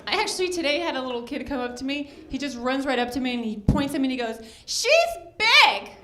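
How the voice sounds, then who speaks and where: A woman performing a stand-up comedy set with a deadpan delivery, acting out dialogue in other voices. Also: high-pitched, racing, background noise. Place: comedy club stage with a crowd. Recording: echoey club with audience.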